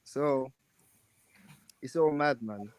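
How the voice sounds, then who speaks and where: A man's voice: medium pitch, very slow, no room sound. A young man, teasing his friends in casual chat and laughing a lot. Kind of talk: casual banter among friends.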